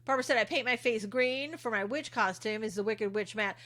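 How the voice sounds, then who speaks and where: A middle-aged woman with a slightly high, a bit bright voice speaks briskly while hosting a casual livestream. She reads viewer comments aloud and answers them in a sarcastic, chatty way, laughing often.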